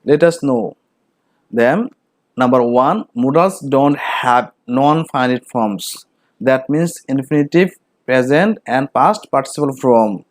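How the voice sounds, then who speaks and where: A man with a Bengali accent teaches English grammar at a middling pitch. He reads each example out slowly and then repeats it. The recording is close and dry. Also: animated, no room sound.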